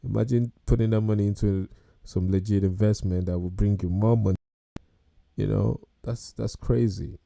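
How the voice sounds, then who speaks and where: A man's voice: lowish voice, steady tone, moderate pace, vocal fry, dark tone, no echo. A man hosting a podcast, reacting to video clips about car payments with casual, incredulous commentary and laughter. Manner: incredulous, laughs and exclaims at prices.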